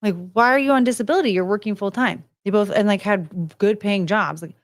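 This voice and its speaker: A woman's voice: mid-range voice, a little fast. A woman hosting a casual livestream, chatty and self-mocking as she answers her chat. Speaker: livestream host.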